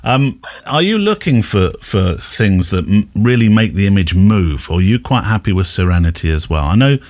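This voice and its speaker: A man's voice: fairly low pitch, sing-song, moderate pace, darkish tone, dry recording, studio quality. A man hosting a photography podcast, chatting casually and playfully, often laughing. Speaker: podcast host.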